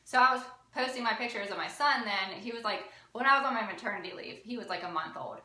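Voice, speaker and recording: A woman's voice: on the high side, fast, pushed and bright, echoey room, low-quality recording. A woman in her thirties, a photographer guest, chatting casually about her work with lots of "like" fillers. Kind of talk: casual conversation. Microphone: video call.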